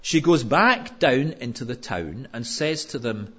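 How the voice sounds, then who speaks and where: A man preaching a sermon in a lively, conversational storytelling way with touches of humor. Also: mid-range voice, a little slow, hardly any pauses, slightly rough, muffled recording.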